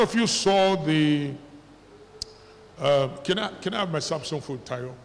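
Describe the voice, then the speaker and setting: A man's voice: fairly high pitch, lively intonation, unhurried, fairly bright tone. A man preaching a sermon to his congregation as pastor, pressing them with repeated questions and firm commands. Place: church hall. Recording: reverberant church hall with faint noise.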